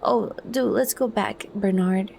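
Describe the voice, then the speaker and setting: A woman's voice: medium pitch, animated, takes it slowly, warm tone, slight background noise, low-quality recording. A woman voicing an anxious, pleasure-loving young woman who pleads in distress, as whispered role-play.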